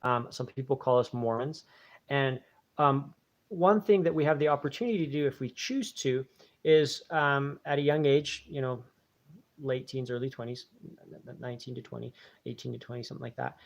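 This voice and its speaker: A man hosting a casual live stream, warmly thanking viewers and rambling with many fillers and restarts. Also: mid-range voice, moderate pace, gravelly. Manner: warm and grateful toward viewers. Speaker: channel host reading viewer donations.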